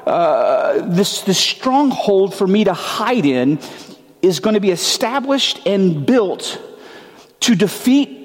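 A man's voice: sits high, very animated, slow pace, long reverb tail. A man preaching a sermon in a casual, conversational way, with slang and frequent restarts. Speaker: pastor.

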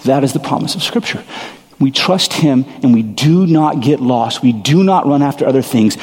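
A man preaching from the pulpit with a husky, slightly breathy voice in an ordinary middle register. He speaks earnestly and leans on repeated phrases for emphasis. A long hall reverb trails behind every line. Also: mid-range voice, expressive, normal speed, darkish tone. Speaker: pastor. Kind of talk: sermon.

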